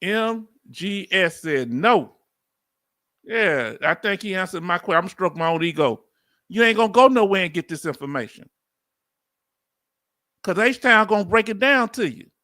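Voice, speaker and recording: A middle-aged veteran YouTube host from Houston, Texas, with a Southern accent chats casually on a livestream, calling out to viewers in an animated, preacher-like call and response. His high voice moves at normal speed with frequent pauses, recorded studio-clean with no room sound.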